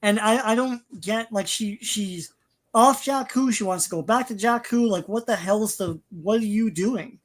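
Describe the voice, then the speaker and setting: A man's voice: high-pitched, normal speed. A man hosting a casual podcast chat, talking in a critical, rambling way with frequent restarts. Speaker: podcast host.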